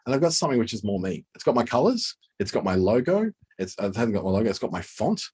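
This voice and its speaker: A man talks through a design tutorial on his screen. His voice is low and a little husky. He thinks aloud in a casual, chatty way as he clicks through each step. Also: sing-song, fast, a little mellow. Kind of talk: screen-share software tutorial.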